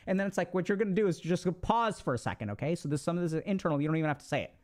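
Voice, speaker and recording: A man's voice: a little high, lively intonation, rapid-fire, few pauses. A man giving a casual, explanatory talk who keeps checking in with his listeners and uses lots of conversational fillers. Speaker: speaker on relationships.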